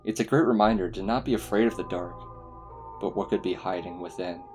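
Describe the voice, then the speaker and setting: A man's voice: low voice, a little fast, over music. Enthusiastic man reviewing games, casual. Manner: enthusiastic, swears freely. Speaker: video essay host. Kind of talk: casual game commentary voice-over.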